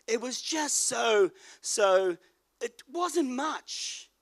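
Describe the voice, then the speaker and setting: An older pastor preaching in a relaxed, storytelling way. His voice sits high for a man and has a gravelly edge. He drops quiet, then lifts loud for emphasis. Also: drawn-out words. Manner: folksy storyteller, swings between quiet and loud. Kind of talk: sermon with personal story.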